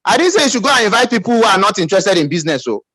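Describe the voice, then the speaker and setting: A man's voice: high-pitched, very animated, very fast, pushed and bright, no echo, low-quality recording. A man with a Nigerian English accent giving an emphatic motivational pep talk as a business team leader, calling out for audience responses.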